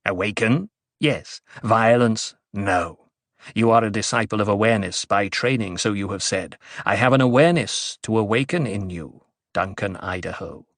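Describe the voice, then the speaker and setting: A man's voice: normal speed, a bit bright, no room sound, clean studio sound. A man doing a whining, spiteful dwarf. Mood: taunting. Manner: chortling, taunting, sudden high squeals. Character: spiteful scheming male dwarf, sly and gleeful. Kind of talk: audiobook character reading.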